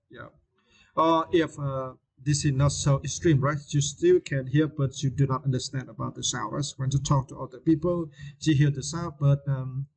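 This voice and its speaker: A man teaching English vocabulary, pausing often with fillers and tag questions, and repeating each word slowly to show where the stress falls. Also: mid-range voice, husky, poor audio. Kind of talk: spoken vocabulary lesson.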